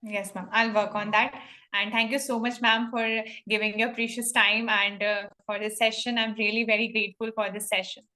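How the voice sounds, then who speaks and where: A woman host, bright and crisp in tone. She speaks with little rise and fall. She stays polite and deferential toward her guest. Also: mid-range voice, flat delivery, moderate pace. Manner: polite and deferential, keeps saying ma'am.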